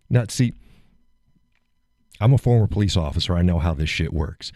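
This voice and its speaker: Gruff-talking middle-aged man telling a story. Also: low-pitched, normal speed, long pauses, no echo, studio quality. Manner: animated retelling, acts out quotes, profane, laughs often. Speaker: live show host. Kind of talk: casual storytelling on a live stream.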